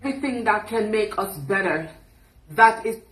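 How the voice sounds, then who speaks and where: A woman speaking calmly and earnestly in an interview clip. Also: medium pitch, roomy sound, poor audio. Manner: calm, measured, earnest.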